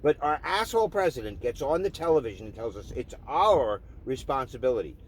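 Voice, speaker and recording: A man's voice: medium pitch, animated, brisk, slight background noise. A man delivering an angry, profane political rant, heated and repetitive. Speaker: vlogger.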